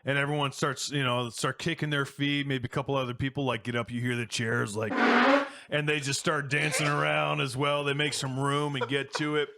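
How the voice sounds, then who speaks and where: A man's voice: mid-range voice, fairly quick, vocal fry, background noise. A man running a tabletop role-playing game, narrating scenes loosely with lots of fillers. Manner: relaxed, filler-heavy narration. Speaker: game master.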